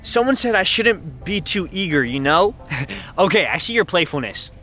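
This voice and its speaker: A man's voice: big pitch swings, moderate pace, sharp tone, faint music behind. A young man playing through a story game outdoors, reading the dialogue aloud in silly voices and joking between lines. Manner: playful, voices characters in high falsetto, rambling asides. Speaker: gaming YouTuber. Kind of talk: voicing game dialogue with commentary.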